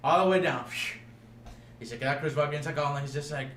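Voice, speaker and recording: Animated storyteller man, echoey room. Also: a little high, quick pace. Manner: switches between Spanish and English mid-sentence; animated storytelling, acts out what others said. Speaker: podcast host. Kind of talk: casual chat.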